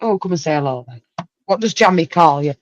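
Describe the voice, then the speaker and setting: A woman hosting a casual livestream chat, talkative and quick to exclaim. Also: low voice, animated, dull audio. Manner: chatty, exclaims and laughs often. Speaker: livestream host.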